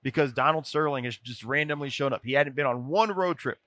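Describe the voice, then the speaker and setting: A man, a podcast guest, telling stories in a casual chat, animated and quick to restart his sentences. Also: medium pitch, no echo. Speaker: podcast guest, former NBA video coordinator. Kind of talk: casual storytelling.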